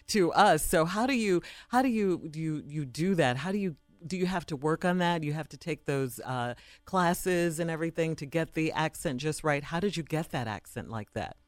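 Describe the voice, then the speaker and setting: A man's voice: a little high, lively intonation, moderate pace, dry recording. A male radio host interviewing a guest in the studio, upbeat and full of praise.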